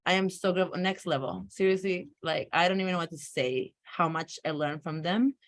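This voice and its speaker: A woman's voice: lowish voice, fairly quick. A woman in a coaching session, speaking candidly with lots of fillers. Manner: candid, animated storytelling with many fillers. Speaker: coaching client. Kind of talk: emotional personal account.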